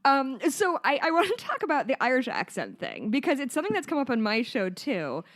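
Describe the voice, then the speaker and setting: A woman podcast host who grew up in Chicago, in relaxed conversation. She frames her questions at length with personal stories before handing them to her guest. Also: sits high, fairly quick. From Chicago, USA. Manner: chatty, asks long framing questions. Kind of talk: casual interview chat.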